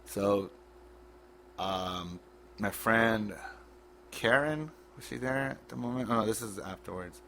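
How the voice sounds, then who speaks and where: A man on a podcast, retelling a painful memory in a blunt, halting, profane way. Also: lowish voice, creaky, a bit bright, a little hiss or hum. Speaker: podcast guest. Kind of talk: casual storytelling.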